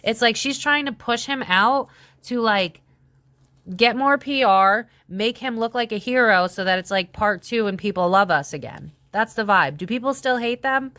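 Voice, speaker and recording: A woman's voice: a little high, moderate pace, pushed and bright, dry recording. A woman giving a casual tarot reading to her viewers, chatty, exclaiming and blunt, with the odd swear. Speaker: psychic tarot reader.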